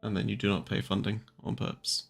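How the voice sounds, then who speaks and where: A man's voice: lowish voice, flat delivery, fairly quick, gravelly. A young man hosting a trading livestream. He chats casually, swears, and jokes while answering viewers' questions. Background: faint music.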